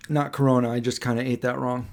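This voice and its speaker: A man in his forties hosts a casual late-night live stream, telling a story at an unhurried, halting pace. He circles back, restarts phrases and fills pauses with ums, in a plain mid-range voice. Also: medium pitch, vocal fry, background noise. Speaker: livestream host.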